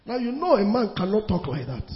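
High-voiced pastor preaching emphatically. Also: male voice, big pitch swings, fairly quick. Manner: emphatic preaching, repeats phrases, swings between loud bursts and quiet asides. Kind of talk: sermon. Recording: reverberant hall, dull lo-fi sound.

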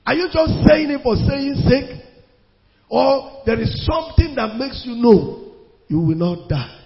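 High-voiced pastor preaching emphatically. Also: male voice, big pitch swings, slow pace, vocal fry, pauses often. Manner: emphatic preaching, repeats phrases, swings between loud bursts and quiet asides. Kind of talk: sermon. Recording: reverberant hall, dull lo-fi sound.

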